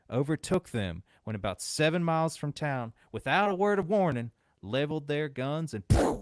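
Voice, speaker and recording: A man's voice: medium pitch, no echo. Guy cohosting a podcast, reads old news then rambles casually, voice bounces around a lot, dry close sound. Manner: reads old newspaper text, then chats loosely with laughs. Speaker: podcast co-host. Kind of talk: casual podcast chat and reading aloud.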